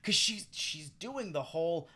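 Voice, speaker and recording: Animated man chatting casually. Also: fairly high pitch, a little slow, breathy edge. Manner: animated, profane, acts out quotes. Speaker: podcast co-host. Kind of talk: casual chat. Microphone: headphones and studio mic.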